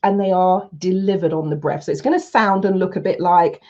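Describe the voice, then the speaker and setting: Low, mellow-voiced energy healing speaker woman. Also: muffled recording. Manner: measured, drawing out key phrases slowly. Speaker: Huna energy healing practitioner. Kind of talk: online presentation talk.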